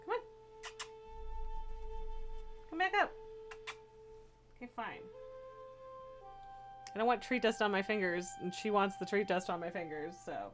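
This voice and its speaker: A woman live-streaming a game, cooing baby talk to her cat and chatting warmly with viewers. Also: mid-range voice, moderate pace, pauses often. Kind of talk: casual live-stream chat. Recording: faint music behind.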